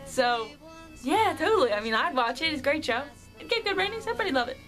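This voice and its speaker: A woman's voice: high-pitched, big pitch swings, fast talker, fairly bright tone, soft background music, low-quality recording. A young woman vlogger chatting casually through a fan question list, rambling and a bit shy.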